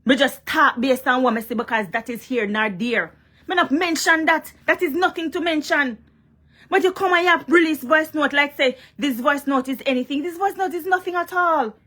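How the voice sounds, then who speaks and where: A Jamaican woman delivers a confrontational vlog rant, mixing Patois and English as she scolds. Her voice sits a little high. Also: moderate pace, fairly bright tone. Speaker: vlogger. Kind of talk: heated monologue to a rival.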